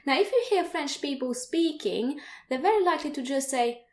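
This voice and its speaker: A woman's voice: high voice, lively intonation, normal speed, darkish tone, roomy sound. A young woman teaching beginner French phrases in an online lesson, speaking carefully and repeating each phrase for learners.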